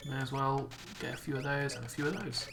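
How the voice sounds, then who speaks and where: Bright playful young woman gaming. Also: a bass voice, steady tone, fast talker, soft background music. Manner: playful, laughs easily. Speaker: let's play host. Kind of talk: casual gameplay chat.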